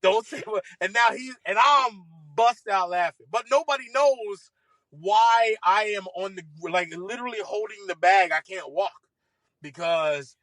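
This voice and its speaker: Man, golf caddie, animated storyteller, high bright voice, dry close sound. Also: a little slow, no echo, rough recording. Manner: lively, laughs while telling stories, swears casually. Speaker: golf caddie, podcast guest. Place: podcast studio.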